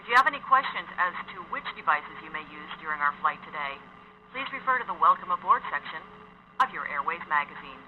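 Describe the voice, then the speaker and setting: A man as a formal high-voiced cabin attendant. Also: lively intonation, quick pace, narrow, tinny audio, slight background noise, natural voice. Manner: formal, scripted cabin announcement. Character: male flight attendant reading safety notices.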